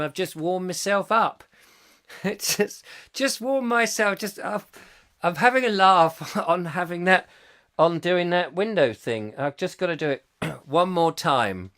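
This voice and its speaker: A bright-voiced man from southern England hosts a live comic chat show and reads out viewer comments. He rambles and giggles and pokes fun at himself, in a high register. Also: lively intonation, unhurried. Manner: giggly, rambling and self-mocking. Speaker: host.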